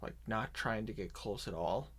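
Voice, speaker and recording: A man's voice: lowish voice, husky. A man narrating as dungeon master in an online tabletop game, taking his time and often restarting his sentences. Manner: unhurried narration with many restarts and asides.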